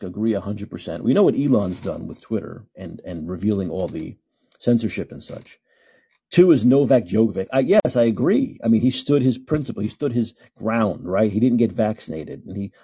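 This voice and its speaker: A man's voice: on the low side, mellow, husky. A middle-aged man hosting a solo podcast, ranting in a combative, sarcastic way. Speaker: podcast host. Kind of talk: solo call-in podcast commentary.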